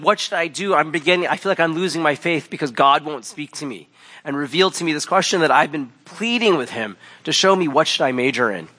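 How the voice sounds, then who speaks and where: A man's voice: a little high, pushed and bright. A pastor in his thirties giving a sermon in a conversational, wry storytelling way.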